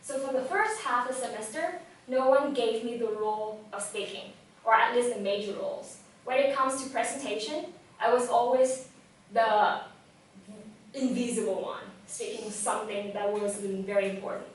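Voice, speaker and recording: A young woman giving a lively talk on public speaking to a live audience, telling a personal story and asking the audience questions. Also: a little high, normal speed. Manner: lively storytelling, acts out quoted thoughts, asks the audience questions. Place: event room with live audience. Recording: very echoey room, voice from far off mic.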